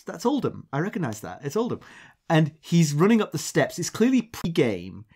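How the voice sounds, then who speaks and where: English male podcast co-host, chatty storyteller, swooping lively pitch. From England. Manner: chatty storyteller, mimics accents in quotes. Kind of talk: casual chat.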